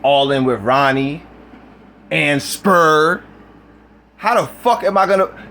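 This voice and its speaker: A man's voice: high voice, steady tone, measured pace, pushed and bright. A man recording a reaction video, ranting in a heated, profane way. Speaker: YouTuber.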